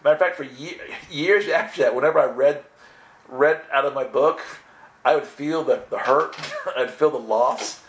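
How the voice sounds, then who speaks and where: A man giving an earnest, animated personal spiritual testimony, full of restarts. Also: mid-range voice, moderate pace. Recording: echoey room.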